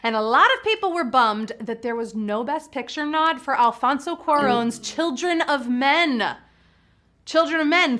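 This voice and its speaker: A woman's voice: sits high, animated, unhurried, pushed and bright. A woman hosting a live trivia game show, bubbly and playful, reading questions and hyping up the players.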